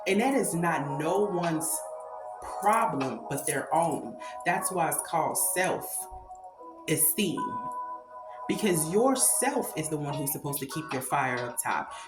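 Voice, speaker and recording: A woman's voice: low-pitched, expressive, slow. A woman giving an impassioned spiritual monologue, emphatic and preachy, swearing freely. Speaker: spiritual content creator. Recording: roomy echo with loud music behind.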